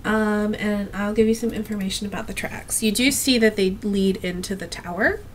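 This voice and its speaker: A woman narrating as game master of a tabletop game, slow and relaxed, with a cough. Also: mid-range voice, slight background noise.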